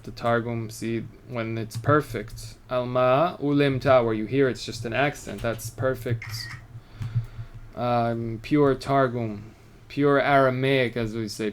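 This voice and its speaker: Man teaching a relaxed text-study lesson. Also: mid-range voice, slight background noise. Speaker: Torah teacher.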